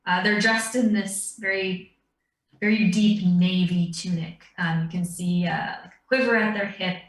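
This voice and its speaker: A woman's voice: fairly low pitch, fairly even intonation, measured pace. A woman narrating a tabletop game as dungeon master, describing scenes in a meandering way. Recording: roomy, distant mic.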